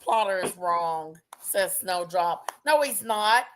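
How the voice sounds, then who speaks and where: A woman's voice: fairly low pitch, expressive, slow pace, crowd noise. A woman hosting a casual livestream, chatting and greeting viewers by name. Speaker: livestream host.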